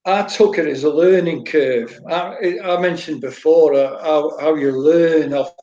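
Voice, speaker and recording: An older man, chatting through long stories in an interview and restarting his phrases as he thinks. His voice sits a bit high for a man. The recording sounds roomy and muffled. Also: a little slow, dark tone. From Wales. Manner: anecdotal, repeats words, laughs while telling stories. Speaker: former goalkeeper guest. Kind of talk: storytelling interview answers.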